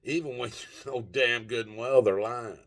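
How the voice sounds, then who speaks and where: A man's voice: mid-range voice, fairly even intonation, normal speed, fairly bright tone. An older man telling a rambling, profane story in a casual vlog, often stopping to search for words. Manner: rambling, profane, gropes for words with many fillers. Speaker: vlogger.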